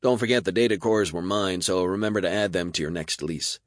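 A man's voice: low-pitched, brisk, dry recording, studio quality, natural voice. A man voicing a cheerful young male videographer with a breezy, upbeat manner.

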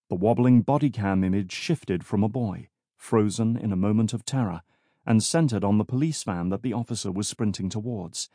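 A man narrating an audiobook in measured, scripted storytelling. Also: fairly low pitch, dark tone, dry recording. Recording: dry studio recording.

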